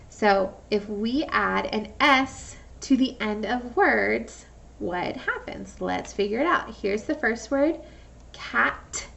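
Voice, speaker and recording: A woman's voice: a little high, vocal fry, far from the mic. A woman teacher giving a phonics lesson to young children, patiently sounding out words and asking questions. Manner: slow, patient, stretches out sounds and asks questions.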